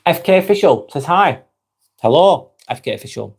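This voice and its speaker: A man with a Lancashire accent hosting a live stream, reading viewer comments aloud and talking in a gentle, reflective way. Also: mid-range voice, animated, fairly quick, slightly rough. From Northwest England.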